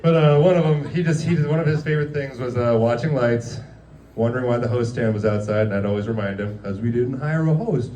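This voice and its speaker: A man's voice: medium pitch, steady tone, quick pace, mellow, slight background noise. A man doing a stand-up comedy set, rambling through stories with lots of fillers and acted-out quotes. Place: guerrilla comedy show venue. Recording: echoey room from far off.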